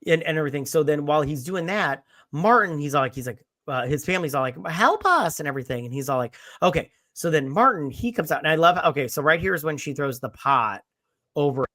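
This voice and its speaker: A man hosting a casual movie review after drinking, rambling and profane, with sudden loud acted-out lines. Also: on the high side, fast, no room sound, clean studio sound. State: has been drinking. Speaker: podcast host.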